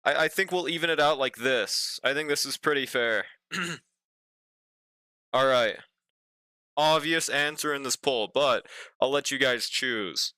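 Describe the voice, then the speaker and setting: Bright, crisp young male streamer. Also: medium pitch, slow pace, pauses often, no echo. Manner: laid-back, joking, talks to chat, swears casually. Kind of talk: casual live-stream chat.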